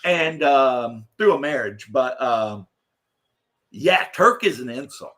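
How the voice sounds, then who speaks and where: A man's voice: mid-range voice, expressive, takes it slowly. A man co-hosting a casual talk show, rambling and laughing as he talks. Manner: rambling, laughs often, bursts into shouted imitations. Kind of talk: casual chat.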